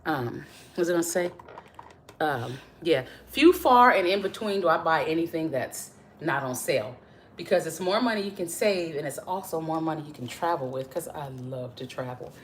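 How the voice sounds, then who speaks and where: A woman's voice: sits low, animated, normal speed, slight background noise. Chatty woman cooking on camera. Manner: chatty, encouraging, addresses viewers as y'all and baby. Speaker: home cooking video host. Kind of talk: casual cooking demonstration to viewers.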